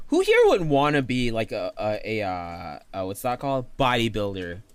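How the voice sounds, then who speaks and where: A man streaming as a VTuber, chatting casually with viewers while he draws, playful and quick to laugh, often talking about himself in the third person. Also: fairly low pitch, huge pitch swings, clear, resonant tone, dry recording. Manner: playful, laughs often, reads and answers chat. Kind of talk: casual livestream chat while drawing.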